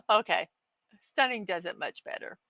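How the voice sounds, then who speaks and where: A woman's voice: medium pitch, bright, forceful tone, dry recording, low-quality recording. A woman hosting a daily morning livestream in casual chat, reading viewer comments aloud with easy laughter and poking fun at herself. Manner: chatty and self-deprecating, laughs often, reads chat aloud.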